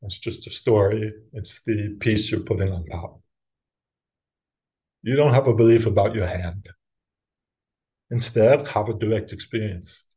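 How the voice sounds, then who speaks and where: A middle-aged man, a monk giving a talk, telling a personal story in a relaxed, self-mocking way, breaking into laughs and acting out the voices of others. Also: fairly low pitch, a little slow, pauses often. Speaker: Buddhist monk teacher.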